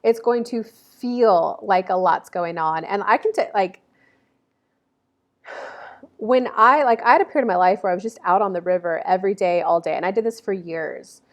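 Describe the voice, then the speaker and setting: A woman's voice: medium pitch, normal speed. A woman in her thirties giving a casual zodiac reading to camera, chatty and rambling, with many fillers and self-corrections. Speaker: astrology reader.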